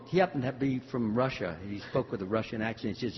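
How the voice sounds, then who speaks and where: A man's voice: mid-range voice, animated. Older man telling a devotional story. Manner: storytelling, acts out dialogue, halting with fillers. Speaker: spiritual teacher. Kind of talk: devotional talk answering questions. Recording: muffled hall recording with faint hum.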